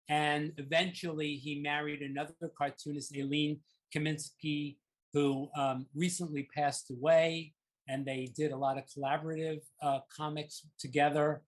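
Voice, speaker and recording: Male artist-lecturer, fairly high voice, rambling conversational delivery over slides. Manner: rambling and conversational, many fillers and restarts. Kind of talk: informal art talk over slides.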